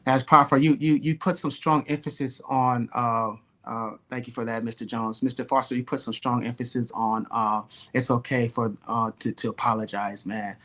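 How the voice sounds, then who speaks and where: Brief: male host, mid-pitched, casual and affirming, prompts guests. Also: little pitch movement, moderate pace, few pauses, fairly bright tone. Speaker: host, moderator. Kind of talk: panel moderation.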